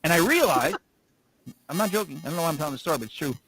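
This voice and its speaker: A man's voice: on the high side, expressive, rapid-fire, fairly bright tone, slight background noise, rough recording. A man co-hosting a podcast, rambling through casual stories and laughing as he talks. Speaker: podcast co-host.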